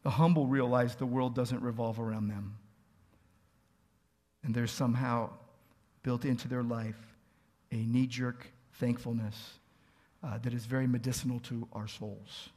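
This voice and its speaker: Male pastor preaching, earnest, lots of pleading questions, gets loud and emphatic. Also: medium pitch, level tone, a little slow, long pauses. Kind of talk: sermon.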